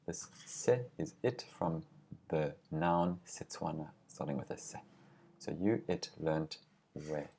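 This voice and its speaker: A man teaching a language lesson, reading short example phrases and patiently explaining each word, slowing down on the key terms. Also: a bass voice, warm tone.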